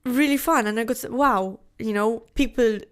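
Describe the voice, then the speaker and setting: A young woman from Malta with a Maltese English accent, chatting as an interview guest with animated asides. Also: fairly high pitch, normal speed, clean tone. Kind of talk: casual interview chat.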